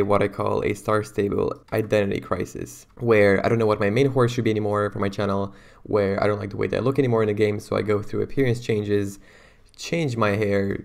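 Gravelly young man gushing over a game. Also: fairly low pitch. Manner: excitable, slangy, rambling. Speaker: gaming YouTuber. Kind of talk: casual gameplay commentary.

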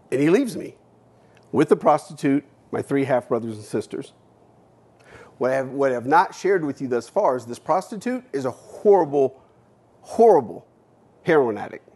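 Dramatic man telling a personal story. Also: medium pitch. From United States. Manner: dramatic, swings between hushed and emphatic, acts out his own past lines; blunt, with casual swearing. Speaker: keynote speaker. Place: stage at a university event.

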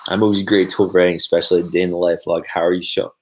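A man's voice: low voice, little pitch movement, rapid-fire, a little mellow, a little hiss or hum. A man casually talking through his video editing on a livestream, rambling and reading viewers' chat comments aloud.

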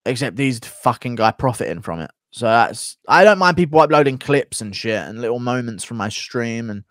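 A man's voice: mid-range voice, lively intonation, a little fast, a bit bright, no echo, studio quality. Crude, joking male streamer. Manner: crude, profane, joking banter while reading donations. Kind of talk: casual live-stream chat.

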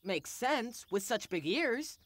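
A woman's voice: on the high side, sing-song, takes it slowly, no room sound, full character voice. A woman voicing Milo, a cheeky, upbeat young animal boy in a children's cartoon. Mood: friendly.

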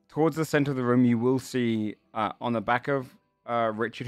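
A man acts as game master for a tabletop game, describing scenes haltingly with many fillers. His voice is mid-range, in a dry recording.

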